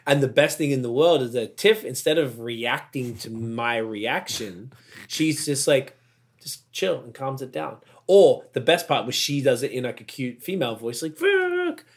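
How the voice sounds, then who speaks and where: A young man hosting a casual chat, rambling, swearing freely and laughing often. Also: medium pitch. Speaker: podcast host.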